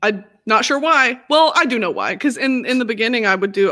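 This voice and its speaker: A woman's voice: a little high, a little fast, fairly bright tone. Chatty young texas woman hosting a podcast, asks lots of curious questions. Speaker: podcast host. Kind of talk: casual interview chat.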